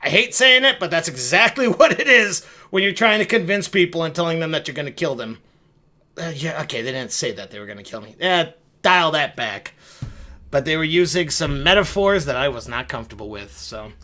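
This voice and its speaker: A man's voice: on the high side, expressive, a little fast, sharp tone. A young man telling a rambling, profane, self-mocking story straight to his viewers. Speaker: video creator. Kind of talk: casual storytelling monologue.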